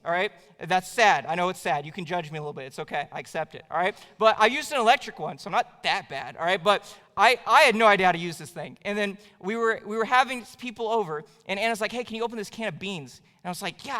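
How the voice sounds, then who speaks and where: A man's voice: high voice, pushed and bright, clear, resonant tone. A young man preaching a sermon in a church, telling a self-mocking story in a casual, chatty way. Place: church sanctuary. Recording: long hall reverb.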